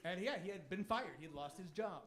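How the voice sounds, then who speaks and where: A man performing a stand-up comedy set on a club stage, animated, jumping from loud bursts to low mutters. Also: a little fast.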